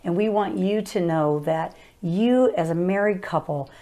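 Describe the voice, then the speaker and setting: A woman's voice: lowish voice, unhurried, dark tone. Earnest older woman teaching about marriage. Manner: earnest and explanatory.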